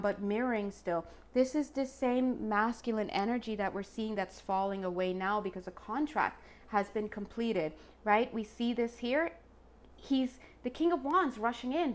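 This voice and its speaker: A woman giving a casual tarot reading to her viewers, chatty and emotional, often checking in with "right?". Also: medium pitch. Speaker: tarot reader.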